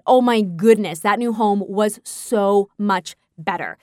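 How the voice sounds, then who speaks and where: A woman talking casually about her own life, candid and animated, often breaking into laughs as she acts out her own past reactions. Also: mid-range voice, takes it slowly, dry recording, studio quality. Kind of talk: casual personal storytelling.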